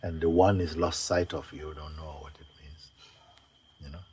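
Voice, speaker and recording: A man as a spiritual teacher giving a spontaneous talk to a gathering, gentle and unhurried, often breaking into laughter. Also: a bass voice, steady tone, slight background noise. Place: retreat gathering.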